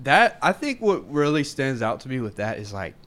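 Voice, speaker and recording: A man's voice: mid-range voice, sing-song, normal speed, fairly bright tone. A young man hosts a podcast in loose, casual chat. His voice sits in the middle range. He talks in slang and keeps saying dude and bro. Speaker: podcast host.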